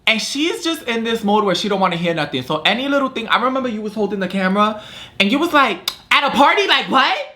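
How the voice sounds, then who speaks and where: A young man hosting a casual storytime vlog, telling the story in an animated way, acting out quotes, with lots of slang and swearing. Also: high voice, quick pace. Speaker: vlogger host.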